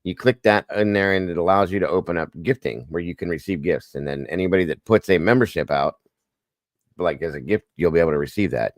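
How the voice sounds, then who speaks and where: A man's voice: low voice, fast talker, dry recording, studio quality. A man hosting a casual livestream, chatting and greeting viewers by name one after another. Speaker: livestream host.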